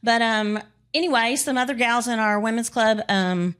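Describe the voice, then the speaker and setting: A woman's voice: fairly high pitch, moderate pace, a bit bright, smooth. A woman in her fifties from Texas, a guest chatting casually in an interview, laughing often and joking about herself. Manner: chatty, laughs often, self-deprecating humor.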